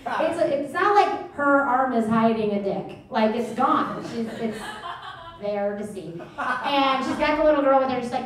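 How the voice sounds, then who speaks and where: A woman's voice: fairly high pitch, moderate pace. A woman performing a stand-up comedy set, telling stories in a brash, profane way on a live theater stage. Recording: echoey theater, mic at a distance.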